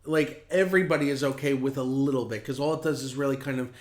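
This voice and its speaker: A man hosting a casual podcast who tells stories in an animated way, with plenty of profanity. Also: mid-range voice, quick pace, roomy sound. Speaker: podcast host.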